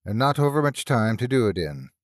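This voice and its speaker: Proper country rector, brisk and a touch impatient, lively delivery, narrator voicing him. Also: male voice, medium pitch, dry recording, studio quality, lightly acted. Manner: brisk, formal and a little impatient.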